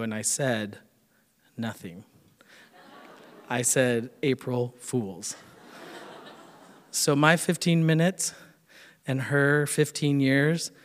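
A man tells a true personal story to a live audience, animated and quick to poke fun at himself. His voice sits at a middling pitch and carries a long reverb from the hall. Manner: animated, self-mocking storytelling.

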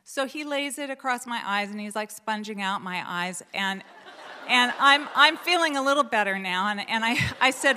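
Woman, storyteller, animated, self-deprecating, fairly high, bright, hall reverb. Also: moderate pace, slight background noise. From Portland, Oregon. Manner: animated, self-deprecating, with many fillers and restarts. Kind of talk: live personal storytelling.

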